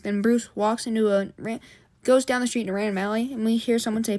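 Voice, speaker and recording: Talking fast, a woman with a rather high voice recounts a comic book story scene after scene in a casual, animated way.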